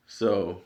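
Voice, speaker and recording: A man hosting his own commentary channel, talking in an animated, argumentative way and laughing often. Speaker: boxing commentary channel host. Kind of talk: opinionated casual commentary.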